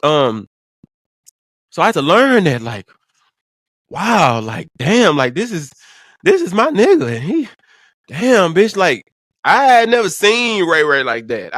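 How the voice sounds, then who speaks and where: A man's voice: on the high side, dry recording. Stammering man telling a story. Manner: stammering repeats, swinging from hushed to excited; profane, slangy. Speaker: vlogger. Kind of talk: emotional personal storytelling.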